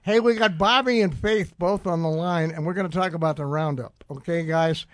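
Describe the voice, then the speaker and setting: Radio host, male, slightly high voice, dry studio sound, talks in loose rambling asides. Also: a little fast, fairly bright tone, no room sound. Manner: rambling, frequent uh fillers and restarts. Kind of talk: casual radio talk.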